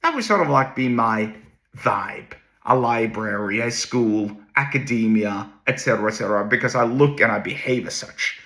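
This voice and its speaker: A man talks casually on his own show, rambling and restarting his sentences as he goes. His voice is bright and forward, and it sits at an ordinary middle pitch. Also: animated, moderate pace. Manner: rambling, many restarts and asides. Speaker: host. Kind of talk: casual solo talk.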